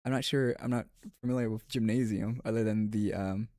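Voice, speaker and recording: A man's voice: on the low side, fairly even intonation, a little fast, mellow, no room sound, clean studio sound. A man streaming and chatting casually with viewers, rambling with frequent restarts and filler words. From United States.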